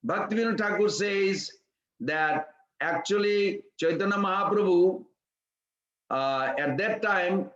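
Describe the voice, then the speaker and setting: A high-voiced man preaches and tells a story in plain, broken English. His voice rings through an echoey room, and the sound is a little dull. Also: a little slow, a bit bright. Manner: simple broken English, acts out quoted voices in a higher pitch. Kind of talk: sermon storytelling.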